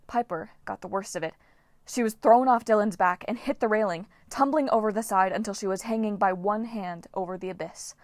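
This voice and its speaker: A woman reading a novel aloud as an audiobook narrator, with steady, dramatic storytelling. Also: mid-range voice, dry recording. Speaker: audiobook reader.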